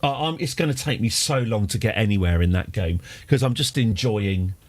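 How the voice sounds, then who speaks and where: With a lowish voice at normal speed, this man hosts a gaming livestream. His casual talk drifts through tangents, punctuated by dry humor.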